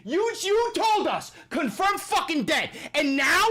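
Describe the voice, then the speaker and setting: A woman streamer rants on a livestream, her high voice swinging wildly as she shouts in fury. She swears constantly and hammers the same phrases over and over. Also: sing-song, slow, hardly any pauses. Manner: furious, profane, shouting; repeats phrases for emphasis. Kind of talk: livestream rant.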